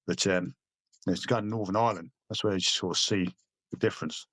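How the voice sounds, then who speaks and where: A man's voice: deep voice, steady tone, a little fast, a bit bright, no room sound. A middle-aged man from England, a former paratrooper, telling army stories in casual chat, swearing often and repeating himself. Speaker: guest, former paratrooper and author.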